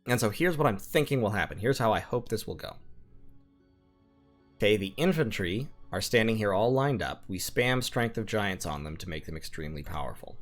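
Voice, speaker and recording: A man talks through his strategy game out loud, working methodically through plans and numbers. His voice sits low but moves with a lively, animated lilt. Soft game music plays faintly under him. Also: moderate pace. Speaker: strategy game let's-player. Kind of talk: thinking-aloud gameplay commentary.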